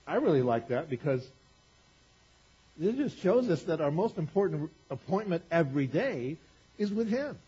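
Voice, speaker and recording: A man preaching a sermon in an animated, conversational way, acting out quotes as he goes. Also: on the high side, breathy edge. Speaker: pastor. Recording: dull lo-fi recording.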